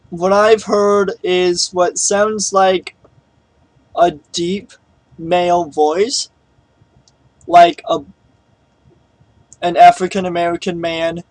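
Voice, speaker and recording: High-voiced man rambling slowly. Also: fairly even intonation, dry recording, rough recording. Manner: rambling, with many fillers and restarts. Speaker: vlogger. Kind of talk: casual storytelling vlog.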